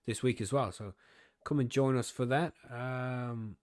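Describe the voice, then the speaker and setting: A man's voice: mid-range voice, fairly even intonation, measured pace, darkish tone, no echo, studio quality. Laid-back man hosting a podcast. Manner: laid-back, swears casually, laughs often. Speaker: podcast host. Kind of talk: casual chat.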